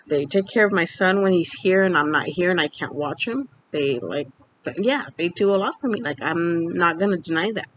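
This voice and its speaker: A woman's voice: on the low side, expressive, normal speed, fairly bright tone, slight background noise. A young woman in her twenties, from Mexico, candidly telling a personal story in a casual vlog, rambling with lots of fillers. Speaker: vlogger.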